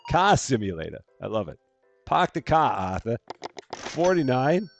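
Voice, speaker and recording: A man's voice: medium pitch, sing-song, unhurried, vocal fry, faint music behind. A man streaming a game live, chatting through his moves and thanking viewers as he plays. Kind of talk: live gameplay commentary.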